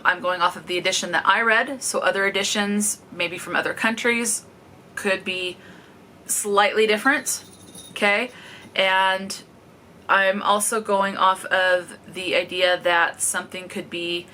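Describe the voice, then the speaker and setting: A woman's voice: mid-range voice, fairly even intonation, a little slow, bright, forceful tone, slight background noise. A woman giving a casual book review, matter-of-factly reading out word tallies and checking in with the listener. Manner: matter-of-fact, reads out tallies, checks in with "okay?".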